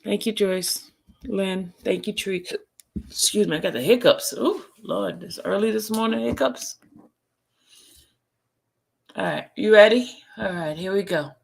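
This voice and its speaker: Woman livestreaming, chatty and sing-songy with her viewers, a bit of vocal fry. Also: mid-range voice, unhurried, pauses often. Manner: chatty, sing-song greetings. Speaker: live streamer. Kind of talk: casual chat with live viewers.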